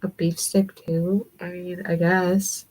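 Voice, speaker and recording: On a rough recording, a young woman with a Southern accent speaks slowly in a lowish, darkish, level voice. As livestream host, she chats casually and rambles while responding to what her viewers comment.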